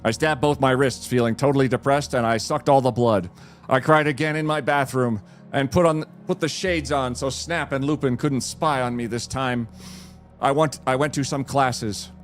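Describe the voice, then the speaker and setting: A man's voice: medium pitch, fairly even intonation, moderate pace, faint music behind. A man streamer giving a comedic dramatic reading with a dry, mock-serious delivery.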